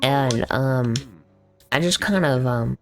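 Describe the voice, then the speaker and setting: Over background music, a young adult streamer chats casually while gaming, speaking slowly at a medium pitch. The story is told in blunt, profane terms and builds into a heated rant.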